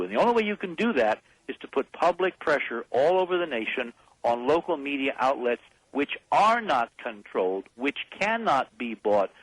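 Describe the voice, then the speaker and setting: A man's voice: mid-range voice, no room sound, low-quality recording. A man speaking as a guest on a late-night radio talk show, emphatic and insistent as he rallies the listeners. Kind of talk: impassioned radio call-in talk.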